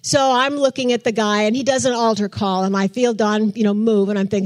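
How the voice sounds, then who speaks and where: A woman's voice: medium pitch, fast, few pauses, darkish tone. An older woman giving a chatty testimony in church, telling her story and acting out what she thought back then. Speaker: church speaker. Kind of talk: testimony sermon.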